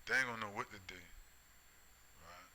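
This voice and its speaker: A middle-aged man delivers a preachy, profane rant with a low but cutting, sharp-edged voice. He circles back to the same phrases and keeps pressing the listener with tag questions. The talk is loose and unscripted. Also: brisk, low-quality recording. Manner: profane, repetitive, keeps asking "right?" and "you see?". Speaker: vlogger. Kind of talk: preachy ranting monologue.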